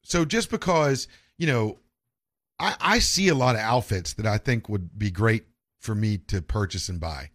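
A man's voice: on the low side, expressive, moderate pace, a bit bright. A man hosting a casual podcast, rambling with frequent restarts and swearing.

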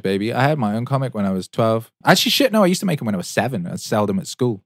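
A man in his thirties talks through a casual livestream Q&A in a lowish voice, rambling and swearing freely with plenty of fillers. He sounds enthusiastic, and the sound is dry and close, with no room echo. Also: big pitch swings, rapid-fire, hardly any pauses. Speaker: musician and show host answering chat.

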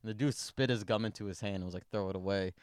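A man's voice: on the low side, racing, no room sound, clean studio sound. A man co-hosting a podcast, telling funny family stories in casual chat and laughing through his punchlines. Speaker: podcast co-host.

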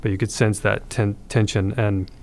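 A man's voice: lowish voice, level tone, normal speed, darkish tone. A man, a podcast guest, telling his conversion story in an earnest, reflective way with frequent restarts.

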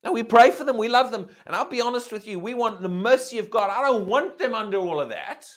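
A man preaching a sermon, reading scripture aloud and putting emphatic questions to his listeners. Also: a little fast. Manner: emphatic, asks the congregation questions; lively, swinging pitch. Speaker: pastor.

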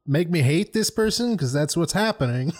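A man's voice: fairly high pitch, animated, normal speed, a little mellow. A man hosting a podcast, casually and sarcastically picking apart a movie, swearing in exasperation. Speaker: podcast host. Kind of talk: casual comedic movie review chat.

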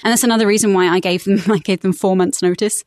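A woman's voice: mid-range voice, steady tone, fast, darkish tone, no room sound, studio quality. A woman who works as a voice-over artist, chatting upbeat and laughing often in a podcast interview. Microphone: studio microphone.

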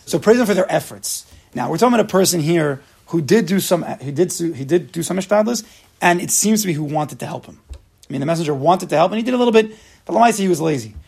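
A man with a gravelly, husky voice pitched a touch above the usual, leading an informal religious lesson. He talks straight to his class and jumps into lively acted-out quotes as he teaches. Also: quick pace.

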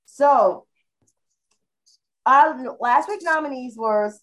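A woman's voice: sits high, very slow, rough recording. A woman hosting a casual podcast panel, playful and teasing as she reads out the nominees. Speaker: podcast host.

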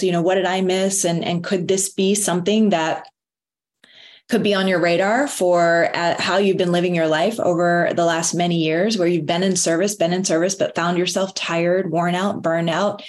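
Woman, middle-aged, motivational speaker, earnest, animated storytelling, lowish voice. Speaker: wellness speaker. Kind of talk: motivational talk.

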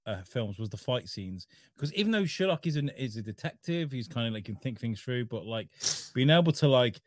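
A man's voice: mid-range voice, animated, brisk, no echo, studio quality. A man from Wales co-hosting a casual chat, rambling with stumbling restarts and frequent laughter. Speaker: podcast co-host.

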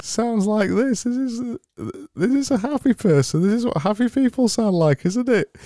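A man putting on a high, sing-song, over-cheery voice of a forced happy man, with faint music behind. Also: slow pace, a little mellow. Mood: gushing.

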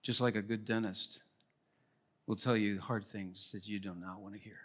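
A pastor preaches a sermon emphatically, posing rhetorical questions and swinging between loud appeals and quiet asides. His voice is lowish, at normal speed, with fairly even intonation.

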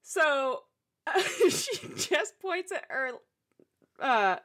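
A woman's voice: high voice, very slow. A young woman co-hosting a book podcast, talking casually with lots of laughter and some swearing. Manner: laughing, expressive, swears freely. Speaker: podcast co-host. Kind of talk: casual chat.

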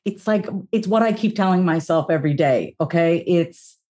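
Woman, therapist guest, slightly low voice, motivational, expressive, casual swearing. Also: normal speed. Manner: expressive, swings into high playful self-talk, swears casually. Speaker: podcast guest, therapist and speaker. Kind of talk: heartfelt motivational talk.

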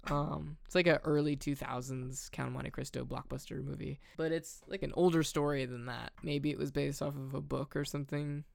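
A man's voice: on the high side, fairly even intonation, moderate pace, vocal fry, hardly any pauses, no room sound. A young man co-hosting a podcast, chatting casually with lots of fillers and laughter. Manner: laid-back, filler-heavy, laughs often. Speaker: podcast co-host. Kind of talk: casual chat.

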